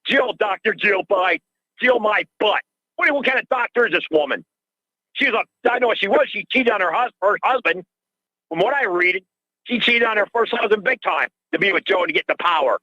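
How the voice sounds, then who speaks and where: A man's voice: high voice, animated, brisk, pushed and bright, dry recording. An older man calling in to a radio show, ranting in an agitated way and repeating himself, heard through dull lo-fi call audio. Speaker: caller.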